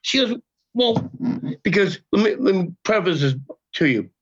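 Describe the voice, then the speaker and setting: An older man telling a story as a podcast guest, in a casual, profane, animated way, acting out the people he quotes. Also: high-pitched, normal speed, slightly rough. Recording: dull lo-fi sound.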